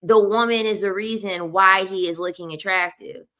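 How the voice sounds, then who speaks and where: A woman's voice: mid-range voice, fairly even intonation, normal speed, bright, forceful tone. A woman in her thirties giving blunt, emphatic opinions in a casual commentary, often repeating her points. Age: 30s. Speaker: online commentator.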